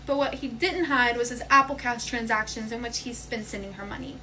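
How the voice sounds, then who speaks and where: A young woman in her twenties casually telling a storytime vlog, animated and chatty as she retells what happened. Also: fairly high pitch, brisk, slight background noise, low-quality recording.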